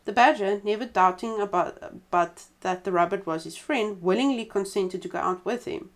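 A woman's voice: mid-range voice, normal speed, few pauses. Woman reading a folk tale aloud. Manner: relaxed reading with chatty side comments. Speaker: storyteller.

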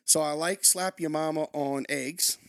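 A man's voice: fairly high pitch, fairly even intonation, a little slow, gravelly, dry recording, clean studio sound. A man with a Louisiana accent, a guest on a podcast, chatting in an easygoing, good-humored way. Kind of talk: casual podcast chat.

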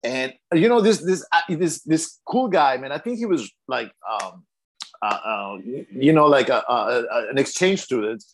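A man's voice: mid-range voice, lively intonation, measured pace. A young man co-hosting a podcast, telling a long story in a rambling way, full of restarts and "man.". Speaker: podcast co-host. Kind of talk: casual chat.

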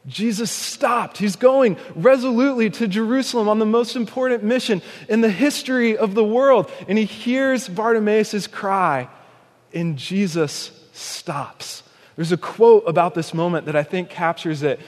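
A man with a high voice preaching a sermon in a church, with a long hall reverb trailing his words. He acts out desperate shouted cries, then slows and softens on his key points. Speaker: pastor.

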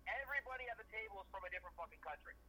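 A man's voice: sits high, expressive, very fast, pushed and bright, a little hiss or hum, low-quality recording. A man co-hosting a podcast, telling a long, profane, rambling bar story in casual chat. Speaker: podcast co-host.

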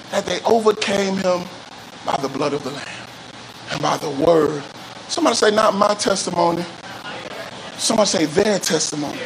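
A male pastor preaching a sermon with call-and-response, often rising into shouts and sung phrases. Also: sits high, slight background noise, poor audio. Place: church service.

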